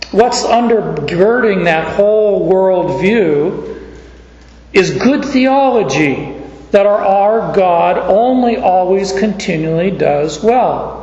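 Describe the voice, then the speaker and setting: A man's voice: high voice, dull audio. Man preaching a sermon in an echoey hall. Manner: conversational storytelling with fillers. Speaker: pastor.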